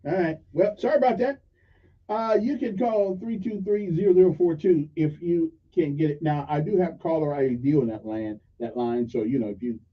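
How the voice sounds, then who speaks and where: A man hosts call-in talk radio and rambles through stories in a folksy way. His voice sits high for a man. The sound is dull and lo-fi. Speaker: radio talk show host.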